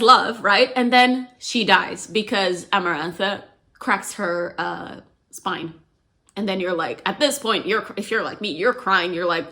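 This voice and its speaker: A woman retelling a novel's plot in a casual, chatty way, with lots of "like" and "you know". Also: medium pitch. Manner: chatty and animated, heavy use of "like" and "you know". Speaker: book explainer.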